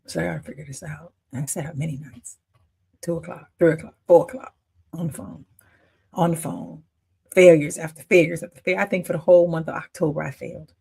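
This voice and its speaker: Woman, 50s, gravelly and husky, emotional storyteller who swings from loud to hushed. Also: sits low, fairly even intonation, fairly quick. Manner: emotional, emphatic, swinging between loud declarations and near-whispers. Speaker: independent filmmaker. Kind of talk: personal storytelling monologue.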